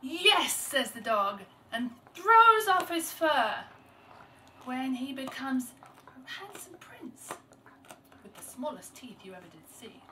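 A woman telling a folktale aloud, unscripted, with small restarts and varying loudness. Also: high-pitched, big pitch swings, slow pace. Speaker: storyteller. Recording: distant mic with clear background noise.

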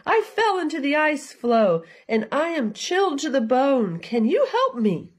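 A woman's voice: sits high, sing-song, measured pace, pitched above the performer's own voice. A woman voicing a chilled male wolverine who growls out a plea for help in a storybook. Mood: pleading. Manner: growling yet pleading.

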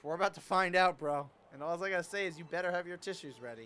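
A man streaming a racing game in casual chat, excitable and teasing, with loud sudden exclamations. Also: high-pitched, fast talker, smooth. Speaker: gaming streamer.

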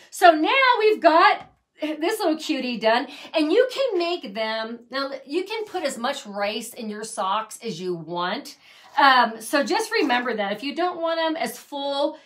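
A woman's voice: high voice, a bit bright. A middle-aged woman hosting a casual craft tutorial, chatty and gushing over her handmade pieces. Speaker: craft channel host.

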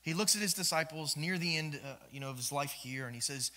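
Bright, high-voiced preaching man. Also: fast talker. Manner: dynamic preaching, swings from loud to hushed, acts out quoted voices. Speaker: pastor. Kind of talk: sermon.

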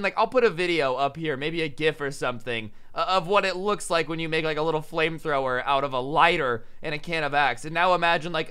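A young man, a storytime vlogger, telling a story in a casual, animated way, often saying "like" and shouting out the lines he quotes. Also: fairly high pitch, clean tone.

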